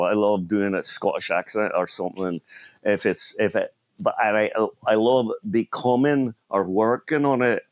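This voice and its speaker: A man hosting a comedy podcast, telling stories in a rambling, animated way. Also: lowish voice, dry recording. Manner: rambling, animated storytelling with laughs. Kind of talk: casual chat.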